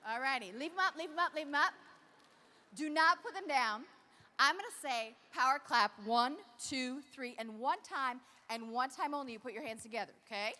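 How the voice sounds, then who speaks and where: A woman's voice: high voice, moderate pace, pushed and bright, long reverb tail. A woman giving an interactive motivational keynote on a large convention stage, leading the crowd in call-and-response. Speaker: keynote speaker.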